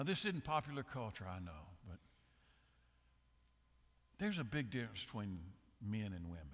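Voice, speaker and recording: A man's voice: lowish voice, a bit bright, in a large hall. A man preaching a sermon as pastor, joking and telling stories in a folksy way. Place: large church sanctuary.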